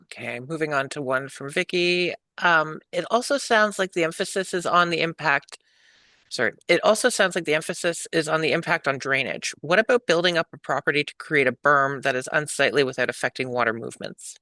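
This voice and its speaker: A man moderating an online public meeting, reading out questions from attendees in a friendly, relaxed and upbeat way. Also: on the high side, fairly quick, no room sound.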